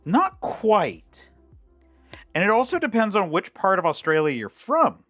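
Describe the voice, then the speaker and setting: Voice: medium pitch, huge pitch swings, unhurried, a bit bright. A cooking streamer chatting casually while making a dish, rambling with many fillers and restarts. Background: faint background music.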